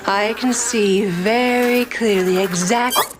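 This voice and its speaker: An actress as a slow, theatrical fake psychic. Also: female voice, medium pitch, lightly acted. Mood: self-assured. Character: fraudulent psychic woman, self-assured and theatrical.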